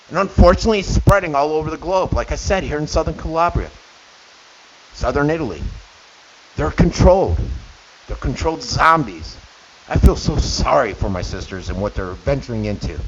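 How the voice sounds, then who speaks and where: Ranting middle-aged male radio host. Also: on the high side. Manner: indignant, sarcastic asides. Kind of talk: ranting opinion monologue. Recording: dull lo-fi with faint hiss.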